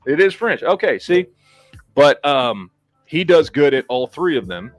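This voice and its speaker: A man's voice: on the high side, big pitch swings, a little slow, no room sound, soft background music. A man hosting a casual podcast, ranting bluntly and swearing freely. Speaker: podcast host.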